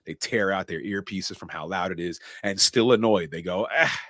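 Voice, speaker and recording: A low-voiced man recaps a movie plot scene by scene in casual podcast chat. He is animated, jumping into short voices for each character. The sound is dry and close to the mic. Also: dry recording. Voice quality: animated storyteller, doing quick character voices. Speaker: podcast co-host recapping a film.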